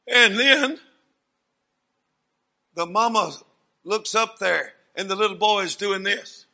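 A man preaching a sermon as a dramatic story, swinging from hushed asides to loud declarations. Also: high-pitched, takes it slowly, vocal fry, long pauses.

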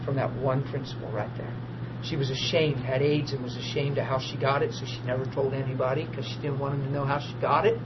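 A man, preaching and telling a personal testimony, swinging from hushed talk to loud tearful laughter. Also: mid-range voice, level tone, fast talker, hardly any pauses. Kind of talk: testimony storytelling. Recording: dull lo-fi audio with noise.

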